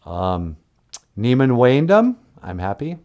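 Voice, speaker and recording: A man hosts a loose, joking language lesson, rambling between words and laughing at his own gags. He talks at an unhurried, slow pace, and his pitch swings widely from low mutters to lively highs. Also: muffled recording. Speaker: host teaching Ojibwe words.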